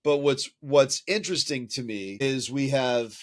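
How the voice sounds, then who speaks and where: A man's voice: medium pitch, unhurried. A man, a teacher and podcast co-host, chatting casually and explaining things patiently, sometimes tapping out rhythms aloud. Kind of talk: casual chat.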